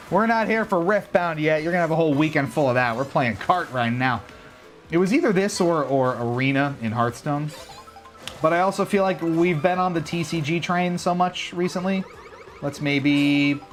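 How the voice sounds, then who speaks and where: Chatty man streaming a kart game. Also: a little high. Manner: chatty, rambling, talks to chat. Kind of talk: casual livestream gaming commentary.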